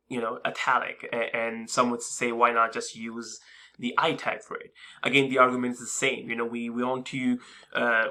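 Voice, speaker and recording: A man's voice: medium pitch, pushed and bright. A man teaching a screen-recorded coding lesson in a casual, hesitant way, with many fillers and restarts. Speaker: coding instructor.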